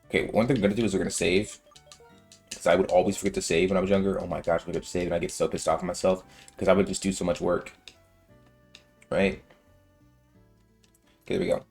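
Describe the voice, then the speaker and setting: Deep-ish young guy yapping fast while he plays, lots of "like" and "bro". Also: fairly even intonation, darkish tone, soft background music. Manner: rambling, filler-heavy, slangy. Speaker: let's-play gamer. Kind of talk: casual gameplay commentary.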